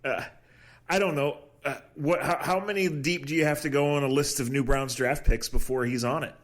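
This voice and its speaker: A man's voice: fairly high pitch, steady tone, normal speed. A man co-hosting a podcast, telling sports stories in casual chat with frequent laughs. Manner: laughing storyteller, trailing off. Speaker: podcast co-host.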